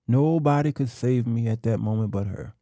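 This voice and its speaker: A middle-aged man talks to men in a slow, emphatic, sermon-like monologue, stretching his words and pausing for effect. His voice is gravelly and dark, recorded close and dry. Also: medium pitch, no room sound. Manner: slow, emphatic, drawn-out delivery with dramatic pauses. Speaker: talk show host.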